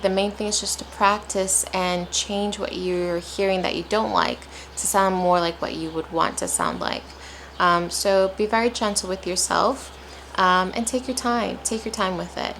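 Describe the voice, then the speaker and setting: A woman's voice: medium pitch, fairly bright tone, a little hiss or hum, rough recording. A woman with an American accent teaching English pronunciation, encouraging, who demonstrates stress and rhythm by repeating example sentences. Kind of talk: pronunciation lesson.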